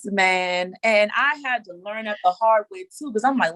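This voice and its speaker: A woman talking as a podcast guest in casual chat, animated and emphatic, repeating her words for emphasis. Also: medium pitch, normal speed, no room sound, rough recording.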